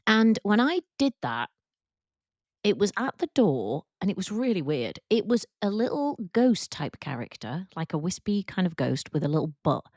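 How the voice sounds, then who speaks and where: A woman coach hosting a podcast, telling a personal story in a soft, reflective and openly emotional way. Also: fairly low pitch, big pitch swings, moderate pace, no echo, clean studio sound. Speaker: podcast host and work confidence coach.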